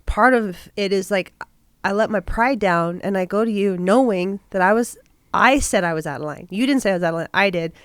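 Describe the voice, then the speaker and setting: A woman's voice: mid-range voice, fairly quick, clear, resonant tone, no room sound. Frank, plain-spoken woman co-host. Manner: frank, profane, self-accountable. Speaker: podcast co-host. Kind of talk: candid casual chat.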